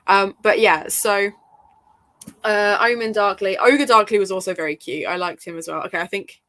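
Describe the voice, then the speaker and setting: A woman's voice: medium pitch, steady tone, normal speed, pushed and bright. A woman hosting a casual book discussion over a video call, chatty and laughing often. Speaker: book club host.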